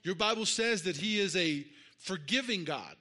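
A middle-aged male pastor preaches in a loose, conversational way, tripping over fillers and restarting his sentences. His voice sits a little high for a man and sounds bright and forward. He keeps checking in with the congregation and asking for amens. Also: lively intonation, normal speed. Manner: conversational, many fillers and repeated starts, calls for amens. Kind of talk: sermon with personal story.

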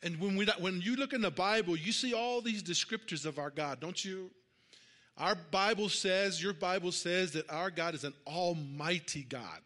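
A man's voice: high voice, normal speed, sharp tone. A middle-aged man preaching a conversational sermon, full of fillers and restarts, mixing a personal story with calls for amens. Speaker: pastor.

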